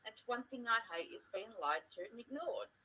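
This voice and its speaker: A woman's voice: fairly high pitch, expressive, fairly quick, pushed and bright, slight background noise, rough recording. A young woman telling stories in casual chat, blunt and swearing freely as she talks to her mother.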